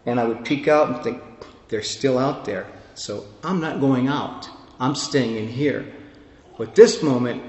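A man preaching a personal testimony as a sermon, emotional, dropping to a hush and then swelling to fervent peaks. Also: medium pitch. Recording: echoey hall with long reverb.

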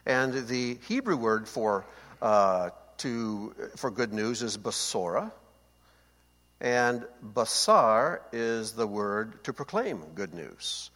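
Sharp in tone with a mid-range voice, a man gives a conversational Bible teaching from a seated position. He often asks his listeners to confirm they're following. The sound has a long hall reverb.

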